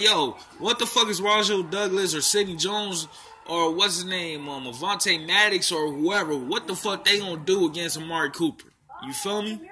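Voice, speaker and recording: Heated, profane Philly sports fan. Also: male voice, high-pitched, bright, forceful tone. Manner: profane and heated, repeats himself. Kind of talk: angry fan rant.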